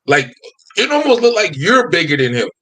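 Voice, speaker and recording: A man's voice: a little high, wildly swooping pitch, moderate pace, sharp tone. A man hosting an interview, asking rambling questions full of fillers. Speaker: interview host. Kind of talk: casual interview chat.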